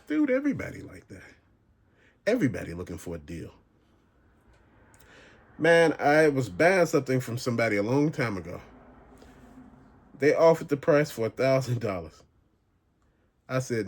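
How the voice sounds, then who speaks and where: A man's voice: mid-range voice, big pitch swings, normal speed, pauses often, breathy edge. A man hosting his own collecting channel, telling profane stories in a casual, slangy rant. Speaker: channel host.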